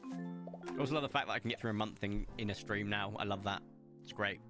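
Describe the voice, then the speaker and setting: Music plays behind a young man who talks fairly quickly in a voice on the low side. He's live-streaming a game from a home room with the window open, chatting casually with chat and poking fun at himself.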